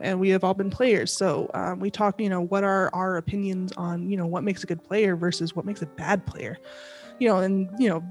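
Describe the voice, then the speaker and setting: A young woman chatting as a podcast guest, bubbly and giggly, with lots of fillers. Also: mid-range voice. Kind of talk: casual chat.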